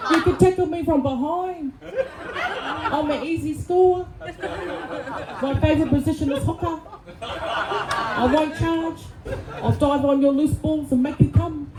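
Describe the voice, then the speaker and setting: A flirty, drawling phone sex operator with a broad New Zealand Māori accent, as a woman puts her on. The voice sits high and slow, teasing every line. It rings in an echoey room. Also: noisy background.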